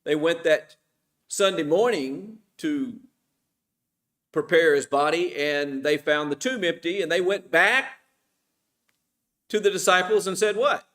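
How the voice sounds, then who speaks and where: A man's voice: a little high, a little slow, long pauses, a bit bright. Middle-aged man teaching a Bible class. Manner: asks the class questions and answers them himself. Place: church.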